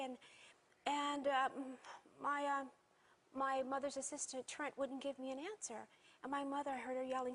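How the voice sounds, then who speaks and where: A woman giving an emotional personal account in an interview, soft-spoken and halting, often repeating herself. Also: sits high, flat delivery.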